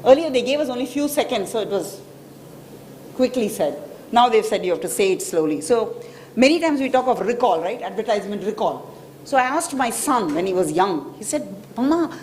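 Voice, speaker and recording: A woman's voice: mid-range voice, expressive, brisk, darkish tone, slight background noise. A woman with an Indian English accent giving a public talk as a financial expert, explaining with frequent "right?" checks to the audience. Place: hotel event hall.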